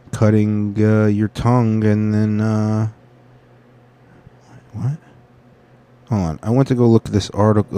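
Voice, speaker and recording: A man hosting a solo talk show, rambling in a profane, excitable rant and reading an article aloud. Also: lowish voice. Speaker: podcast host.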